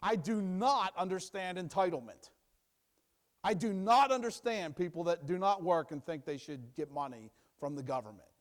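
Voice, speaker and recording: A young adult man teaching from the Bible in a sermon, emphatic and repetitive, dropping low and quiet for asides. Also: lively intonation, moderate pace. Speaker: preacher.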